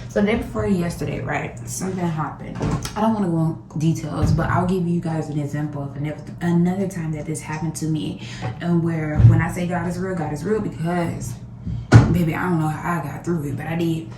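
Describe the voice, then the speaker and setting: A woman's voice: sits low, fairly even intonation, fairly quick, noisy background. A woman vlogger chatting straight to her viewers from her home kitchen. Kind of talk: casual talk to the camera. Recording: echoey room.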